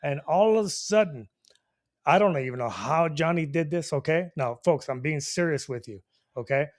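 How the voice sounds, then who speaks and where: A man hosting and telling a bar story to an audience, animated and laughing often, with frequent "you know what I mean". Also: fairly high pitch, moderate pace. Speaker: storyteller host.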